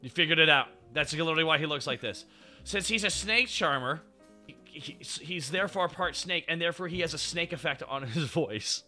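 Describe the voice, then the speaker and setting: A Canadian man chatting excitedly as a co-host, swearing, laughing and making mock-dramatic asides. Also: a little high, fairly quick, music in the background. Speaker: podcast co-host. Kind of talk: casual chat reacting to an anime.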